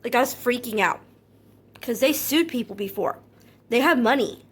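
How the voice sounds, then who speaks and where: A woman's voice: fairly high pitch, slightly rough. Earnest, anxious woman vlogger. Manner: earnest, hurt and anxious, repeats herself; calm and measured, not loud. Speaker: content creator. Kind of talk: personal vlog monologue.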